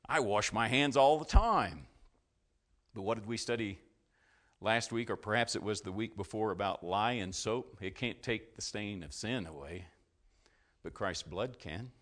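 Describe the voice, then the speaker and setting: A male preacher gives a sermon at normal speed, posing questions to his congregation and answering them. His delivery builds to loud, fervent climaxes, then falls low and quiet.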